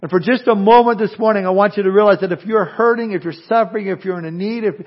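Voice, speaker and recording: A man's voice: high-pitched, fast talker. A male pastor preaching a sermon in an earnest way, full of rhetorical questions and folksy humor, on a dull lo-fi recording.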